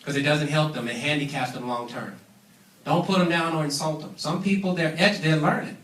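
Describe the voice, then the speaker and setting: A man delivers a business training seminar in a preachy, emphatic manner, pressing his points and calling for the crowd to answer back. His voice sits high and rings through a reverberant meeting room, picked up by a mic some distance away. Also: steady tone, a little fast, a bit bright. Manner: emphatic, preachy, calls for audience responses.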